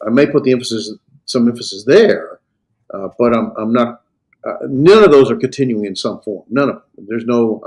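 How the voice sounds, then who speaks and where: A man with an American Southern accent teaching a Greek class, explaining slowly with many fillers and restarts. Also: medium pitch, darkish tone. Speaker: Greek instructor. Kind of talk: classroom lecture and Q&A.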